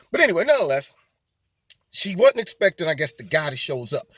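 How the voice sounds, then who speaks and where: A man's voice: high voice, lively intonation, a little fast, fairly bright tone, no room sound. A man hosting a political commentary monologue, mocking and emphatic, with rambling asides. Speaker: host of a political commentary channel.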